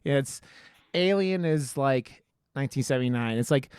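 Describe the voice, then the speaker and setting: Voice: mid-range voice, moderate pace, a little mellow, clear, resonant tone, no echo, clean studio sound. A podcast co-host in a casual horror movie review chat, rambling with many restarts and casual swearing.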